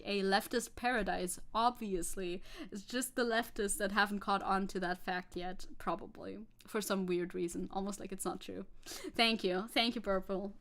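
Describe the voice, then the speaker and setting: A woman with a German accent giving sarcastic, casual commentary on a live stream, swearing freely. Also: medium pitch. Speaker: VTuber streamer.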